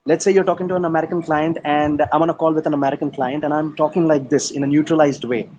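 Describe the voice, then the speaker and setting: A man's voice: a little high, flat delivery, quick pace, a little mellow, muffled recording, a little hiss or hum. A man with an Indian English accent teaching an online English practice session over a video call, breaking words into syllables and slipping in Hindi. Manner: patient, drills words syllable by syllable; mixes in Hindi phrases. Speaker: English tutor.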